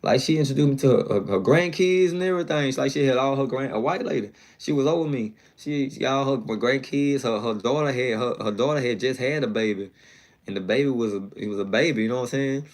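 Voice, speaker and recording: A man spinning a long personal story in loose, slangy conversation. He rambles, restarts and keeps checking in with his listener as he talks. His voice sits at an ordinary middle pitch for a man. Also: fast talker. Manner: slangy, rambling, fond of "you know what I'm saying". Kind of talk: casual storytelling.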